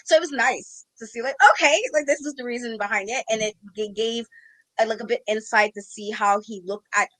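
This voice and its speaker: A woman co-hosting a casual chat, talking in an animated way, a self-described easy crier. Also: fairly high pitch, fairly quick, no room sound, poor audio. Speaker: co-host.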